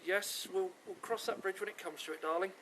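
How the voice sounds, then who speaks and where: A man's voice: high voice, brisk, background noise, natural voice. A man voicing a flustered town mayor who hesitates and fusses over his words. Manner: hesitant, fussing.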